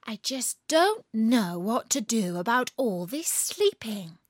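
A woman's voice: on the high side, sing-song, takes it slowly, no echo, clean studio sound, heavily acted. A woman reading as a fretting mum. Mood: fretful. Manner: fretful. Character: weary, fretting storybook mum. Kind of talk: storybook reading.

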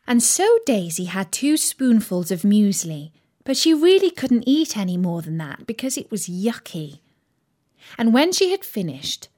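A woman reading a children's story aloud in an expressive, gently dramatic way. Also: mid-range voice.

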